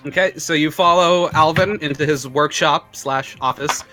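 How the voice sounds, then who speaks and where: Male game master, bright lively voice, rambling narration over faint music. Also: fairly high pitch, normal speed. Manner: loose, filler-heavy narration.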